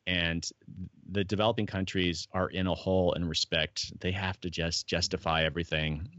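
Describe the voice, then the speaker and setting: Middle-aged male guest, rambling storyteller, low-fi dry sound. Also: little pitch movement, moderate pace, a bit bright, dry recording. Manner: rambling storyteller, acts out quoted voices. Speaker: podcast guest. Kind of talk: casual interview talk. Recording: dull, dry lo-fi audio.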